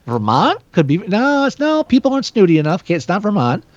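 A podcast co-host with a high, lively voice talks fast through a casual movie review, rambling animatedly and stumbling into many restarts. The audio is dry and slightly muffled, like a lo-fi podcast mic.

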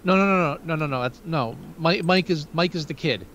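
A man's voice: on the high side, a little fast, a bit bright, highs cut off, slight background noise. A man co-hosting a casual movie review chat, rambling with many fillers and restarts. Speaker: podcast co-host.

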